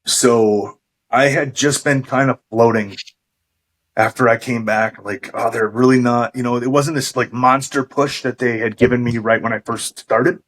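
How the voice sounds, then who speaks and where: A middle-aged man, a podcast guest, recalling his career in a relaxed, thoughtful way with small hesitations. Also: mid-range voice, a little slow, low-quality recording. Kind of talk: casual interview chat.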